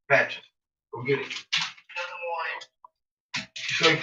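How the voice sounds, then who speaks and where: A man cooking at home in a casual vlog, swearing and rambling as he talks to his dogs, and his voice shoots up high and excited whenever he addresses them. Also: slow, long pauses, over loud music. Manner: profane, rambling, jumps to a high excited voice when talking to the dogs. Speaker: home cook vlogger. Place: home kitchen. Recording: dull lo-fi sound with loud background noise.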